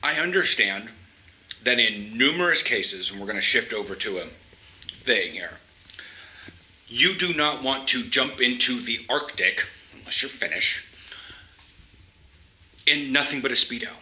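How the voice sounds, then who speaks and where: A man from the US Pacific Northwest giving opinionated vlog commentary, halting and restarting his sentences, with wry asides. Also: medium pitch, lively intonation, sharp tone, slight background noise, low-quality recording. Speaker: vlogger.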